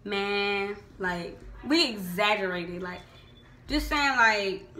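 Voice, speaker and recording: A woman's voice: mid-range voice, slow pace, sharp tone, slight background noise. A young woman from Houston with a Southern Houston accent, chatting casually about local slang in a vlog, laughing often and saying "like" a lot. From Houston, Texas. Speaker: vlogger.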